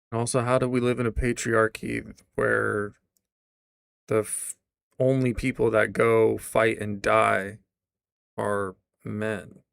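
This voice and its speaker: A man's voice: lowish voice, flat delivery, slow pace, vocal fry, long pauses, a bit bright, smooth, no room sound, clean studio sound. A male streamer reacting live to a clip, incredulous and sarcastic, swearing now and then.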